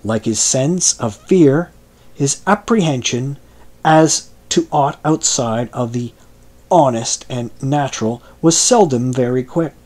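A man reading a classic novel aloud as an audiobook narrator, in slow, measured scripted narration. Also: medium pitch, a little mellow.

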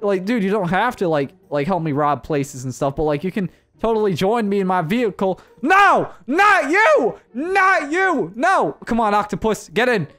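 Excitable young gaming YouTuber man. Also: a little fast, few pauses, dry recording. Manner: jokey, excitable, jumps to high yelps. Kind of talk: playful gameplay commentary.

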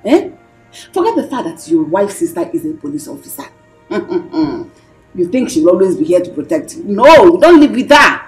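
An actress with a Nigerian accent playing a quarrelsome pregnant wife in a film, speaking in a combative, scolding way. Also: female voice, medium pitch, very animated, normal speed, roomy sound, soft background music, close to an everyday voice. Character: pregnant young wife, quarrelsome and sharp-tongued. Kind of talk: Nollywood film acting.

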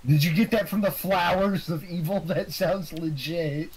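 A man's voice: on the high side, a little slow, a little mellow, a little hiss or hum, poor audio. Profane, joking tabletop player man. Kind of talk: casual chat at a tabletop game.

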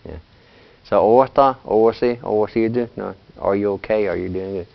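A man teaching a language class, talking in a relaxed, chatty way and laughing often. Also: lowish voice, moderate pace, creaky, muffled recording. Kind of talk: classroom lesson.

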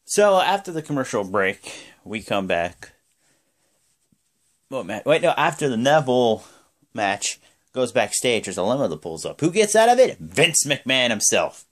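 Rambling casual man, lively pitch. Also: measured pace, long pauses. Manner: rambling, full of "like" and "uh" fillers. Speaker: wrestling show recapper. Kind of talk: casual spoken recap.

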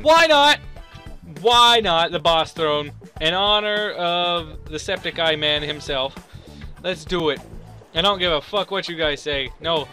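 High-voiced young guy yelling and cursing over his gameplay, jumpy lively pitch, music under it. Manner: excitable, shouting and swearing at the game. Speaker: gaming YouTuber. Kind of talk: let's play commentary.

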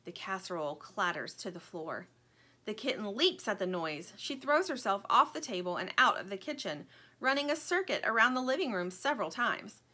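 Bright, animated woman reading a children's story. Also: mid-range voice, moderate pace. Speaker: audiobook narrator.

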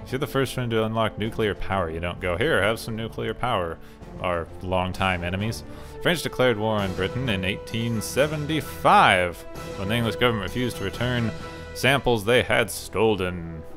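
Low-voiced guy doing a let's play, reads the story bits then cracks dry jokes, faint music behind. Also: moderate pace. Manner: wry, joking asides with sarcastic remarks. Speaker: gaming channel host. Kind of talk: casual let's play commentary, reading game text aloud.

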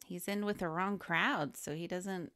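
Low-voiced woman with a dry close sound. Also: measured pace, no echo. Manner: relaxed, chiming in with short reactions and laughs. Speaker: podcast co-host. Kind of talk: casual movie recap chat.

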